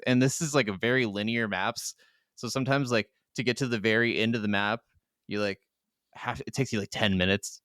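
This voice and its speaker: A man's voice: fairly low pitch, steady tone, brisk, a bit bright, no echo, studio quality. Profane laid-back male podcast co-host. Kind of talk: casual gaming podcast chat. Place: home setup.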